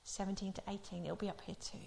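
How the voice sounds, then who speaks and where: A woman's voice: mid-range voice, little pitch movement, fast, creaky, mellow, a little hiss or hum. A woman preaching a sermon, telling stories in a chatty way before leading a prayer. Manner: chatty storytelling, laughing often.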